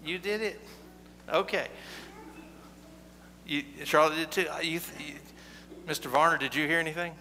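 Leading prayer and chatting playfully with kids during a children's message, this male pastor has a somewhat high, sharp voice at normal speed with long pauses. The church sanctuary echoes, and a faint hum is audible.

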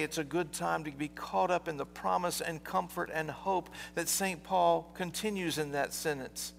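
A man preaching a sermon, telling a story slowly with deliberate pauses. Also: fairly high pitch, vocal fry, a bit bright, slight background noise. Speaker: pastor. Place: church. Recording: long reverb of a large hall.

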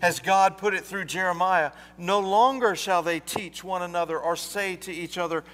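A man preaching a sermon, telling a story slowly with deliberate pauses. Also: sits high, a bit bright. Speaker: pastor. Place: church. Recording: long reverb of a large hall.

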